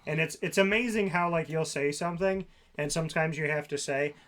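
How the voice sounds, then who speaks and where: Sarcastic, bright-voiced man ranting on football. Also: on the high side, brisk. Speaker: sports talk co-host. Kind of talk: casual sports talk.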